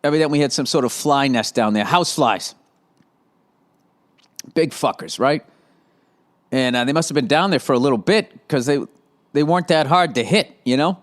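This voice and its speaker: A man's voice: medium pitch, normal speed, pauses often. Man, podcast host, comedic monologue, profane, rambling.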